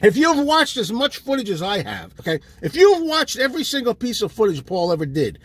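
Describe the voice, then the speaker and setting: High-pitched husky man ranting. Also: sing-song, brisk. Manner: exasperated, insulting, ranting. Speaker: comic ranting host. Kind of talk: comedic rant.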